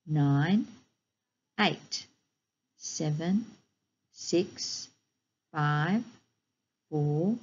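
A woman teaching a recorded phonics lesson to young children, giving slow, clear, encouraging instructions and drawing out each sound. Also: low-pitched, a little mellow, dull audio. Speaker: primary school teacher.

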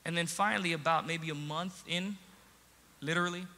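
A male pastor telling a humorous story in a sermon, animated, swinging from quiet asides to loud emphasis. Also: on the high side, normal speed. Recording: long hall reverb.

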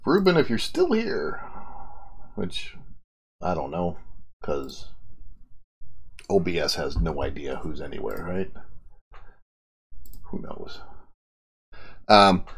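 Deep-voiced rambling live-coding streamer man. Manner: rambling, restarts sentences, playful asides. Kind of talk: casual chat while coding live.

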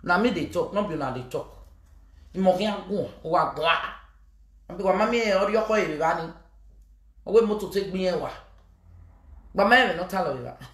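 A woman's voice: lowish voice, expressive, normal speed, pauses often, reverberant. A woman with a Nigerian accent delivering a scolding, emphatic vlog message to her fans, often slipping into Pidgin. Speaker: social media personality addressing fans.

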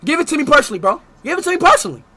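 Young guy streamer yelling and taunting, really high bright voice, bounces all over. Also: very animated, racing, slight background noise. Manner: loud, taunting, swings to shouting. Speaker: livestreamer. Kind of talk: heated livestream banter.

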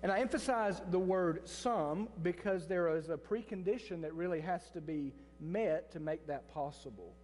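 A man with a high voice preaches in a church sanctuary, telling a story with quick restarts and asides to the people in the pews. His voice rings with a long reverb, and a faint hum sits underneath. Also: a little mellow. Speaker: pastor. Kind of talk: sermon.

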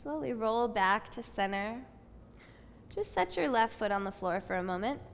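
A woman leading a yoga class with calm, soothing, unhurried guided cues. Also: on the high side, gravelly, slight background noise. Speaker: yoga instructor. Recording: long reverb from a spacious room.

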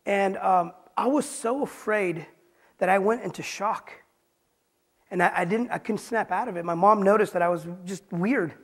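Conversational middle-aged pastor. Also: male voice, high voice, breathy edge. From Los Angeles, United States. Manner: conversational, with casual joking asides; reads scripture slowly and deliberately. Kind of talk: Bible study sermon.

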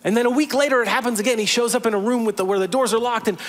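High-voiced man preaching a story-driven sermon. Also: very fast, a little hiss or hum. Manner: conversational storytelling, imaginative asides. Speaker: pastor.

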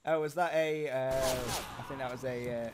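A young man from England in casual game commentary, excitable and shouting during the action. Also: mid-range voice, moderate pace, background noise. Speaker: gaming video host.

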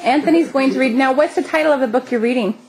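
A woman's voice: sits high, fast talker, loud music behind the voice. Older woman, wry family chat. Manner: wry, gently teasing. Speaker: grandmother and home videographer. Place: family home. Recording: home video with chatter behind.

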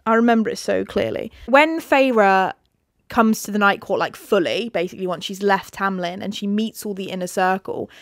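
A woman co-hosting a podcast in casual book-club chat, retelling the plot with quick quoted voices and frequent swearing. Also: mid-range voice, no room sound, clean studio sound. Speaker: podcast co-host.

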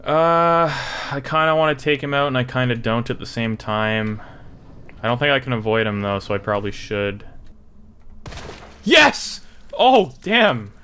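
A young gaming YouTuber commentates his gameplay live, lurching from quiet mutters to panicked yelps and shouts.

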